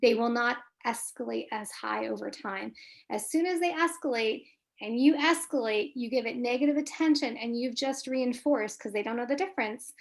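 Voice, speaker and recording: A woman's voice: a little high, normal speed, creaky. A woman therapist answering parenting questions in a live webinar, in a coaching manner. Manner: warm, coaching, asks if answers helped. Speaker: licensed marriage and family therapist, webinar guest.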